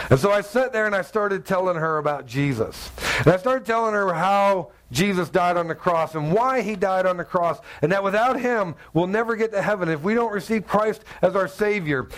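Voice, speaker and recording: A man with a notably high speaking voice delivers a relaxed sermon. He jokes with the congregation and slips into quick character voices when he retells conversations. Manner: humorous, acts out dialogue in voices. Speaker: pastor.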